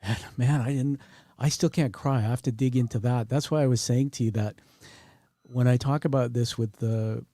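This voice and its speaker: A man's voice: mid-range voice, fairly even intonation, normal speed, dark tone, dry recording, clean studio sound. A man hosting an interview, earnestly sharing a personal story with his guest. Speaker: podcast host. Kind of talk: emotional interview conversation.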